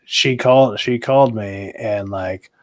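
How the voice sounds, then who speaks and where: A man's voice: lowish voice, unhurried, no echo. A man hosting a stream, chatting casually with guests, rambling, swearing freely and laughing often. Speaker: streamer host. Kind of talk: casual chat.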